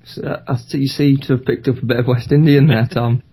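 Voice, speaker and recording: A man's voice: mid-range voice, fairly even intonation, a little fast, warm tone, husky. A young man with a Manchester accent co-hosting a podcast, teasing his friend in dry casual chat over a video call. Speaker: podcast co-host.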